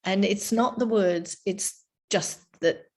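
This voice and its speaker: A woman's voice: medium pitch, takes it slowly, darkish tone. A woman taking part in a casual group discussion, earnestly raising a question. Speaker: participant.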